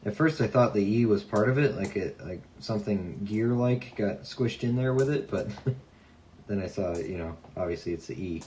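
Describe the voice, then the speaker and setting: Young male stream host, low-pitched; relaxed, jokey, murmurs dates while sorting. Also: normal speed, a little hiss or hum, poor audio. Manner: mutters coin dates softly, chatty asides to viewers. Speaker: coin collecting livestream host. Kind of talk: casual live chat.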